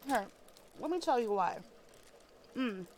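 A woman's voice: fairly high pitch, animated, slow pace, darkish tone, slight background noise. A woman acting as a weary, foul-mouthed female ex-killer trying to live in peace, talking casually with lots of fillers and restarts, sometimes with her mouth full, in an audio role-play drama. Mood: confessional. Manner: chewing food while talking.

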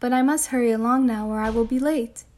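A woman's voice: fairly high pitch, fairly quick, darkish tone, natural voice. A woman doing a sweet prim little girl in a red hood. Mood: polite, eager. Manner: prim, well-mannered speech. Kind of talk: bedtime storybook reading.

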